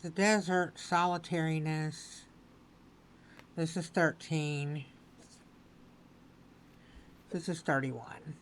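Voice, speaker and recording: A woman giving a spoken tarot reading, repeating her phrases slowly and with emphasis. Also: sits low, fairly even intonation, a little hiss or hum, poor audio. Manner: slow, repetitive, affirming phrasing. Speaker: tarot reader.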